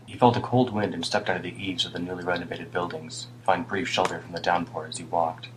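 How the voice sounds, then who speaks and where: Deep-voiced male audiobook narrator. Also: steady tone, fast talker, a bit bright, a little hiss or hum, poor audio. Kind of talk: scripted narration.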